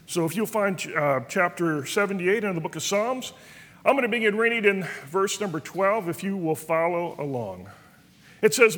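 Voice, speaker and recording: A man's voice: high-pitched, expressive, normal speed, fairly bright tone. A man teaching a Bible study in a church, earnest and folksy, telling stories. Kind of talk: sermon. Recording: reverberant church hall.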